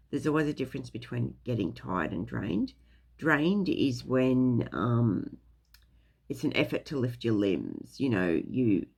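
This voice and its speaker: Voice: mid-range voice, gravelly, husky. A speaker giving a casual, rambling talk on spiritual topics, full of fillers and loose swearing. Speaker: spiritual teacher.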